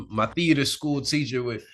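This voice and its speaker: Bright-voiced man telling animated stories. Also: mid-range voice, slow pace. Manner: animated, acts out quoted voices, laughs often. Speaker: actor, interview guest. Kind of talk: candid conversational storytelling. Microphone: sit-down interview mic.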